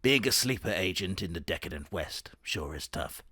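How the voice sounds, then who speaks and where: A man voicing a smug, gloating male communist sleeper agent in a low, hushed tone. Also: expressive, normal speed, no room sound, clean studio sound, full character voice.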